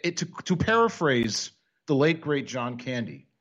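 A man's voice: mid-range voice, very animated, measured pace, a bit bright, muffled recording. A man hosting a casual sports talk show, wisecracking and rambling with frequent restarts.

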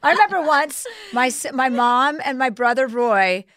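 A woman's voice: high-pitched, moderate pace, background noise. Blunt, profane woman telling stories. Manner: blunt, profane, animated storyteller. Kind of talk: casual chat, comic storytelling.

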